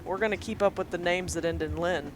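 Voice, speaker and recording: A woman's voice: lowish voice, noisy background. Chatty laughing woman at a game table. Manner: chatty, laughs often, quick asides. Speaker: player. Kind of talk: casual tabletop game chat.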